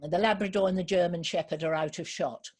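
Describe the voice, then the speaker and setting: A woman telling a children's story live to an online audience, gently encouraging and asking listeners for ideas. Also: lowish voice, steady tone, brisk, slightly rough.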